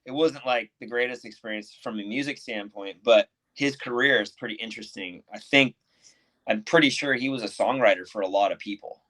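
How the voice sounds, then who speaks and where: A man's voice: medium pitch, a little fast, fairly bright tone, low-quality recording. Easygoing chatty American man. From United States. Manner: easygoing, chatty, laughs at his own stories. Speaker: podcast guest. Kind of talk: casual chat.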